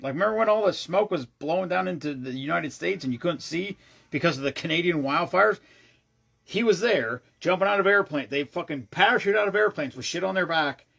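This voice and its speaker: Vlogging, this man spins out a long, meandering tale in an eager, casual way, swearing a lot and frequently restarting what he's saying. His pitch is a little high, with some vocal fry.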